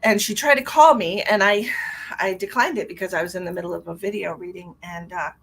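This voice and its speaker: A woman's voice: fairly low pitch, fairly quick, vocal fry, fairly bright tone, slight background noise. A middle-aged woman, a psychic medium, chatting casually on a live stream and telling a story. She laughs often and greets viewers by name.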